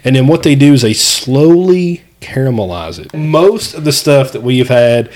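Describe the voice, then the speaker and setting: A man's voice: medium pitch, animated, moderate pace, darkish tone. A man co-hosting a casual podcast chat, explaining things step by step with frequent restarts. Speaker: podcast co-host.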